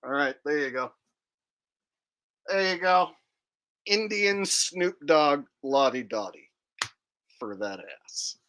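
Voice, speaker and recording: A man's voice: fairly high pitch, lively intonation, slow pace, pauses often, pushed and bright. A man hosting a livestream, chatting casually and reading comments aloud in a laid-back way. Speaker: livestream host.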